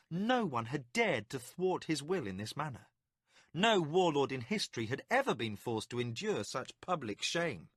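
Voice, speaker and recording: A man reading a fantasy audiobook as scripted narration, dramatic and expressive. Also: mid-range voice, no room sound, studio quality.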